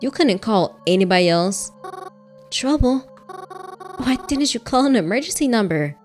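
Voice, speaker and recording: A woman voicing a young heroine in a visual novel, asking high, loud, flustered questions. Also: big pitch swings, slow pace, faint music behind. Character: young woman, frantic and exasperated protagonist.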